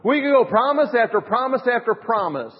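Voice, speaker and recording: A middle-aged man preaching a sermon as pastor, building to emphatic rising phrases and dropping to soft asides. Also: very high voice, expressive, fairly quick. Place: church. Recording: reverberant, dull church recording.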